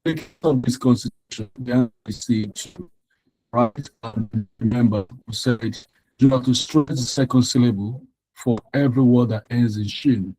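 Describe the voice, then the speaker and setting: A man's voice: medium pitch, fairly even intonation, normal speed, warm tone, no room sound, poor audio. A male tutor explaining exam material in an online lesson, sharing his screen, repeating phrases with frequent ums and restarts.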